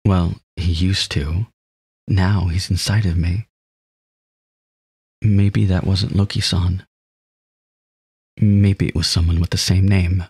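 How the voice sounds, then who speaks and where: A man reads a visual novel aloud in the first person and breaks in with laughs and comments. His voice is low and very husky. The recording is dry and close, with no room sound. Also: flat delivery, slow pace, long pauses, a little mellow, dry recording. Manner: laughs and comments between read lines.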